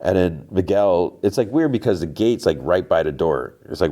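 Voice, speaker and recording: A man's voice: low voice, lively intonation, moderate pace, dark tone. A man hosting a podcast, giving a casual, rambling recap of a TV episode and quoting the characters as he goes. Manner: rambling, quotes characters with lots of "he's like". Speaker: podcast host.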